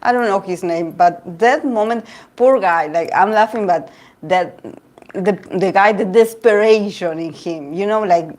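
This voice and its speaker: A woman host chatting casually about idol news, gossipy and quick to laugh, often restarting her sentences. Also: medium pitch, lively intonation, a little mellow. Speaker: tarot reader and channel host. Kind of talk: casual chat reading live comments.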